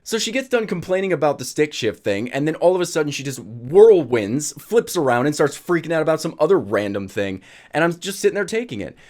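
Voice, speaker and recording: Animated man telling a story. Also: fairly high pitch, brisk. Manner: animated, laughs often while telling. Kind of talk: casual storytime vlog.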